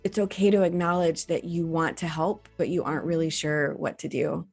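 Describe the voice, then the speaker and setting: A woman doctor in her forties, giving an educational talk to camera in an earnest, gently instructive way. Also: deep voice, steady tone, normal speed, creaky, slightly rough, faint music behind. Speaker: reproductive endocrinologist.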